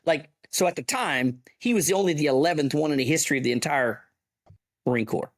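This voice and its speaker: A middle-aged man, an army veteran telling a story as a podcast guest in an animated, profane way. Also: a little high, brisk. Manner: animated, profane yarn-spinner. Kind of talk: casual storytelling.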